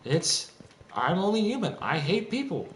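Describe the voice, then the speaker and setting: A man's voice: high-pitched, sing-song, normal speed. A young man ranting in an agitated, profane, rambling monologue with frequent restarts, recorded in a home room with faint typing behind. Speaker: streamer. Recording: echoey room, faint background noise.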